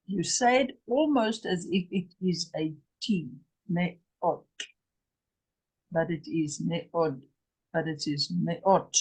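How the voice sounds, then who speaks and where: A woman's voice: on the low side, breathy edge, poor audio. An English woman teaching a language lesson, patiently repeating each word and spelling out its letters. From England. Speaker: Hebrew teacher.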